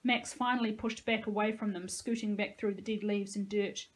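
A woman's voice: mid-range voice, normal speed, rough recording. Woman reading a novel aloud expressively. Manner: expressive, dramatic storytelling. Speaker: teacher.

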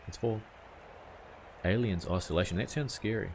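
Easygoing low-voiced man streaming. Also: normal speed, a little mellow, a little hiss or hum. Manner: chatty, easygoing, asks viewers questions. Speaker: gaming streamer. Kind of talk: casual live-stream chat reading viewer messages.

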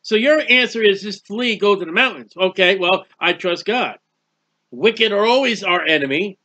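A man's voice: high-pitched, lively intonation, moderate pace, pushed and bright. A man giving a conversational Bible teaching, plain-spoken, repeating phrases and firing rhetorical questions. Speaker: preacher.

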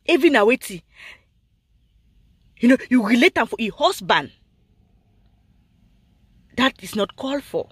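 A speaker with a Cameroonian Pidgin English accent hosts a vlog, ranting in heated commentary, talking straight at someone and repeating points with lively emphasis. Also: medium pitch, dry recording, clean studio sound. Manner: animated, repetitive, addresses someone directly. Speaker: blogger and vlog host.

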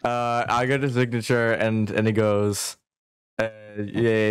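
A man's voice: on the low side, steady tone, unhurried, clear, resonant tone, dry recording, clean studio sound. A man hosting a podcast in casual chat, telling stories in a playful way and laughing often. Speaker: podcast host.

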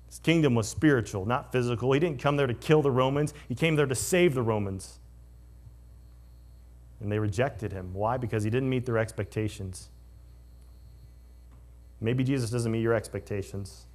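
A male pastor preaching a conversational sermon, moving between lively storytelling and hushed, solemn passages. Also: medium pitch, normal speed, long pauses.

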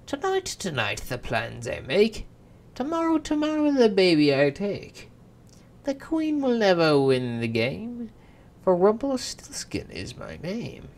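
Rumpelstiltskin, a loud taunting imp, as a reader puts him on. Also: wildly swooping pitch, measured pace, full character voice. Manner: loud, taunting, jumps high in pitch. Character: mischievous little imp man, boastful and mocking. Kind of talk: amateur storybook read-aloud.

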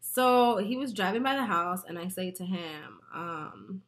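A woman vlogger chatting casually while doing her makeup, telling a story in an animated, profane way with frequent laughter. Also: on the low side, a little slow. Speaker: beauty vlogger.

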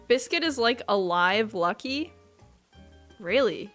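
A woman streamer chatting excitedly with her viewers during a live game stream, laughing often. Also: fairly high pitch, a little slow, long pauses, soft background music.

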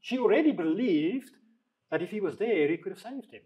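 A man with a somewhat high voice guides a small Bible study group. He talks casually, reads scripture aloud at a slower pace and keeps turning questions back to the room. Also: animated, lo-fi sound. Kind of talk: leading a group Bible discussion.

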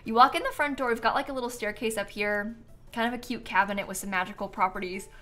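A woman's voice: on the high side, fast, a bit bright, soft background music. Giggly chatty woman streamer. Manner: bubbly, giggly, chatty with viewers. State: yawning, tired. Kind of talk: casual live-stream game commentary.

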